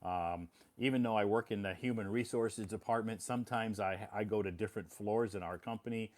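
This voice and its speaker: Low-voiced man speaking plainly to learners. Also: fairly quick, a little mellow. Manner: plain and repetitive, apologetic. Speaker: English teacher for learners. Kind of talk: casual spoken monologue for English learners.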